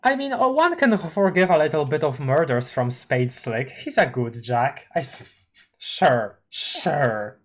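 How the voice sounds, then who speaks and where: A streamer reading a webcomic live and talking through the reactions. The talk is casual and chatty, with frequent laughter and quick asides. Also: mid-range voice, very animated. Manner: chatty and giggly, reacting aloud.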